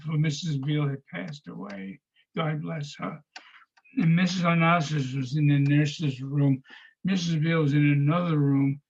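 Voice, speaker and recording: An older man telling a rambling, excitable story as a guest, jumping into raised voices when he quotes people. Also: on the high side, creaky. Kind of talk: anecdotal storytelling. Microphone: video call. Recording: dull lo-fi video call audio.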